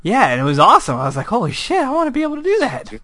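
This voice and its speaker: A man hosting a casual stream chat, animated and laughing, often breaking into mock shouts. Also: very high-pitched, rapid-fire, no echo.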